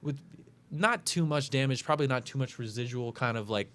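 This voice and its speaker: A man's voice: mid-range voice, a little fast, fairly bright tone. A man hosting a casual talk show, breaking down upcoming fights with lots of fillers and self-corrections. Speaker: podcast host making fight picks.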